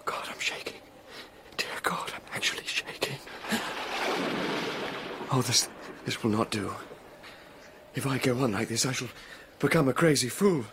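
A man's voice: mid-range voice, normal speed, vocal fry, background noise, natural voice. An actor playing a nervous young male scholar alone at night, talking to himself and easily spooked. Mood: frightened.

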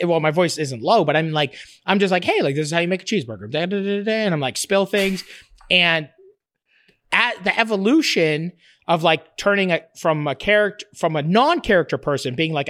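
A man's voice: high-pitched, no echo, studio quality. A man talking in a casual interview, rambling and profane, with frequent restarts and laughter in his stories. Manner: animated, laughs while telling stories. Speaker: interview guest, cooking show creator.

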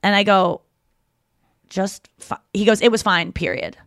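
A woman's voice: medium pitch, a little slow, dry recording, clean studio sound. A woman hosting a podcast, telling comic stories in a casual chat and acting out the lines of people in them. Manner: animated storytelling, acting out quotes; frequent fillers and restarts. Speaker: podcast host and comedian.

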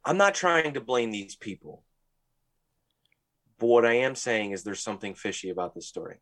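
A man co-hosting a podcast, talking bluntly and casually, swearing freely and thinking out loud. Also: mid-range voice, very animated, moderate pace, dry recording. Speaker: podcast co-host. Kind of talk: casual chat.

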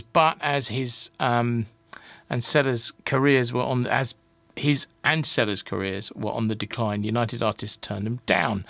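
A man's voice: mid-range voice, a bit bright, no room sound. A man hosting a show, chatting about old films in a casual, wry way, with asides to the listener. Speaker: podcast host. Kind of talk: casual film-history monologue.

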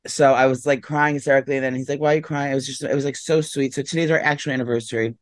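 This podcast co-host has a medium-pitched, steady voice and talks rapid-fire, with no room sound. His casual chat rambles, packed with "like" and "um," and he yawns as if he just got up.

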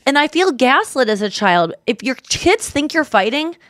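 A woman's voice: high voice, big pitch swings, moderate pace, a bit bright, no echo, clean studio sound. A woman in her thirties hosting a podcast, chatting casually and animatedly, acting out the people she quotes. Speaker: podcast host. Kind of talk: casual comedic chat.

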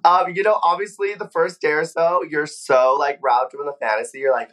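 A man's voice: medium pitch, brisk, hardly any pauses, fairly bright tone. A young man, a former reality competition contestant, chatting casually in an interview, full of "like" fillers and acted-out quotes. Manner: chatty, frequent "like" fillers, acts out quoted voices.

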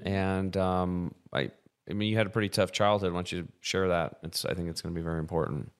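A man hosting a podcast interview, relaxed and joking with his guests. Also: sits low, brisk, smooth. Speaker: podcast host. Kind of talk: casual interview.

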